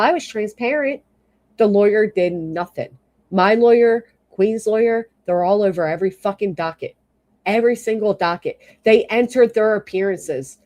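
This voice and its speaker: A woman's voice: medium pitch, mellow. Woman livestreaming, furious rant, heavy swearing, reads and thanks chat comments. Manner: angry, profane, exasperated. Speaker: YouTube livestreamer.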